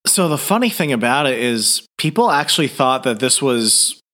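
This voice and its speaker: A man's voice: medium pitch, sing-song, normal speed, bright, forceful tone. A man co-hosting a podcast, discussing a comic book in a thoughtful, hesitant way with many restarts. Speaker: podcast co-host.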